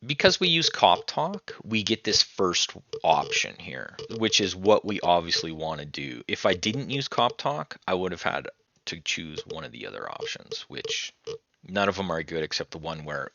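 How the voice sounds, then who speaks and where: A man hosting a retro game let's play, chatting casually and reading the on-screen text aloud as he thinks out loud. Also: sits low, sing-song, normal speed, dry recording, muffled recording. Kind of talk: casual gameplay commentary.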